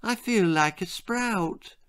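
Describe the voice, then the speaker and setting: A man's voice: high voice, clean tone, dry recording, pitched above the performer's own voice. A man putting on a dazed young boy. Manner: slow, wondering, hushed delivery. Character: young boy turning strange, dreamy and dazed.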